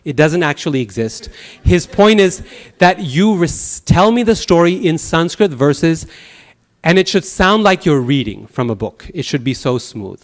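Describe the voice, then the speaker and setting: Animated man telling teaching stories. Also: a little high, measured pace. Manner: animated storyteller with chuckles and restarts. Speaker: Sanskrit teacher. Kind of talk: lecture with anecdotes. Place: temple class.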